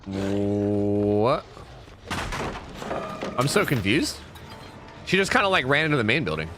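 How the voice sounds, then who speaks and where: A young man giving casual, jokey commentary while streaming a horror game, chatting and breaking into sudden high exclamations. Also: big pitch swings, takes it slowly, noisy background.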